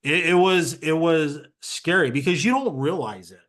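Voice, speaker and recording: A man's voice: a little high, moderate pace, fairly bright tone. A man speaking as an interview guest, telling his story in an earnest, conversational way with plenty of fillers. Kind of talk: candid personal story.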